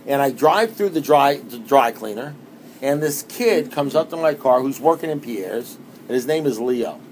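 A man's voice: medium pitch, expressive, moderate pace, darkish tone, slight background noise. A middle-aged man from New York giving a rambling, conversational personal testimony to a recovery meeting. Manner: rambling and conversational, with many restarts.

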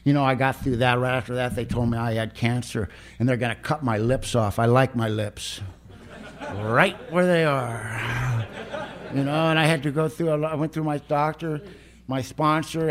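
An older man giving a personal recovery testimony, plain-spoken and emotional, with rough humor. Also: medium pitch. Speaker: recovery meeting speaker.

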